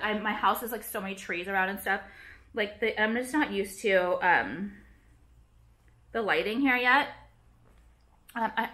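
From home, a beauty vlogger fires off a dramatic, profane rant to camera, speaking fast and saying "like" at every turn. Her voice is on the high side, bright, and forceful in this casual chat.

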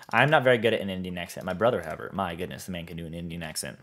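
Give me an easygoing man with a very low voice, chatting with viewers while he plays. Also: racing, fairly bright tone. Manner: rambling, reads chat aloud, easygoing. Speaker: game streamer. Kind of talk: casual live-stream chat while playing.

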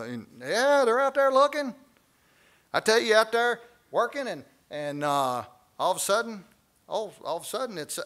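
A man leading a church Bible study, preaching with animated, folksy asides. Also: a little high, normal speed. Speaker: pastor.

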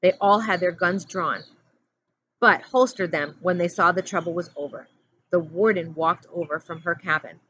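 A woman teacher reading a chapter book aloud in a steady, plain narrating voice. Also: on the low side, normal speed. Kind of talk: storybook read-aloud. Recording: dull lo-fi audio with faint hum.

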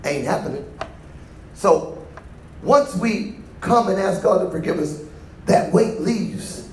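In an echoey church recorded from far away, a man preaches as a bishop, using conversational call-and-response with his congregation. His high-pitched voice is animated and darkish, and he takes it slowly. There's slight background noise.

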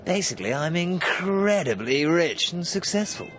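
A man's voice: on the high side, big pitch swings, normal speed, a bit bright, a little hiss or hum. A man playing a smug, sneering rich banker villain in a school pantomime. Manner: boastful, sneering.

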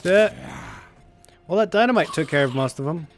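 A young man doing let's play commentary, excitable and given to shouting at enemies in frustration. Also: a little high, moderate pace, faint music behind. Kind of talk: gameplay commentary.

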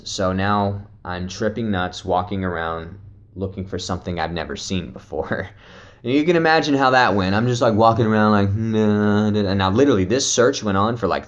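A young man tells a rambling story in a loose, laid-back way, swearing freely and often breaking into laughter. His voice sits a little low. The sound is dull and lo-fi, like a basic home recording. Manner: loose, profane, laughing storyteller with many fillers. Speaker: vlogger. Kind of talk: casual storytelling, trip report.

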